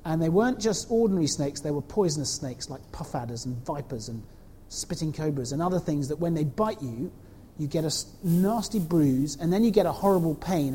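A woman telling a story to children in an animated way, asking them questions as she goes. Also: low-pitched, a little fast, in a large hall, a little hiss or hum. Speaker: children's talk leader.

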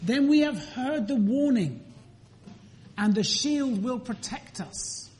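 A woman's voice: fairly high pitch, animated, a little mellow. A woman leading a children's talk in church, asking the children questions and waiting for answers. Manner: slow, clear, deliberate. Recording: reverberant church room.

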